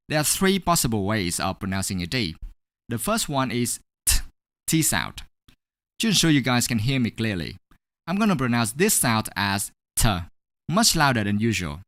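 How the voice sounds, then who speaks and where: Lively, upbeat male English teacher. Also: mid-range voice, dry recording, studio quality. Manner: clear, upbeat, explanatory. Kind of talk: scripted online lesson.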